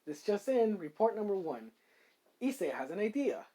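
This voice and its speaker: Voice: medium pitch, big pitch swings, moderate pace, warm tone, pitched above the performer's own voice. Narrator doing a dry teasing helper voice. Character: teasing know-it-all inner helper voice, female. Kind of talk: fan story read-aloud.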